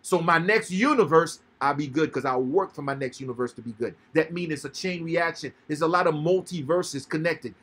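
A man's voice: fairly high pitch, a little fast, hardly any pauses, a bit bright, breathy edge. A young man talking heatedly and profanely in a casual podcast chat, preaching to his listeners. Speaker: podcast co-host.

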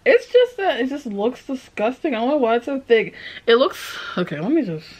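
A woman vlogger talks casually to camera. Her voice sits a little high and swoops widely up and down. She talks in a dramatic, squeamish way. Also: very animated, moderate pace, a little mellow. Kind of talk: casual vlog chat to camera.

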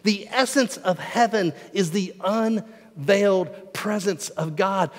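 A pastor preaching a sermon in a church sanctuary, dropping to near-whispers and rising to shouts. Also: male voice, sits high, takes it slowly. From Southern United States. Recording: long hall reverb.

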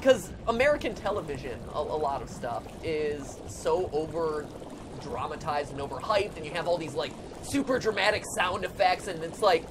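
A young woman co-hosting a gaming livestream in casual chat, animated and quick to act out over-the-top TV moments. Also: deep voice, noisy background. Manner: animated, acts out dramatic TV voices while chatting.

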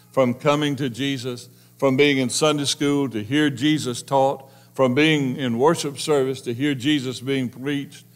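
A male pastor preaching a sermon, speaking emphatically and straight to the congregation, moving between loud stresses and hushed, slowed passages. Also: mid-range voice. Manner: emphatic, addresses the congregation directly.

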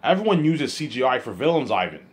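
A man putting on the voice of an excitable film director who keeps repeating the listener's name. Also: mid-range voice, fast talker, lightly acted. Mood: insistent.

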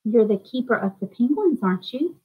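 A woman reading aloud and voicing a gruff, bossy male ship admiral who roars his orders in a storybook reading, on a dull, lo-fi recording. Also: lively intonation, fairly quick. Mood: hearty insistence. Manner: booming, insistent. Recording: dull lo-fi sound.

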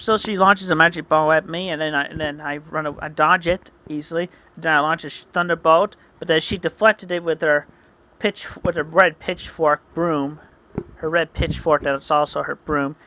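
A man's voice: fairly high pitch, steady tone, moderate pace, pushed and bright, low-quality recording. A man earnestly narrating his own comic as a story, often correcting himself mid-sentence. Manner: earnest, frequent self-corrections.

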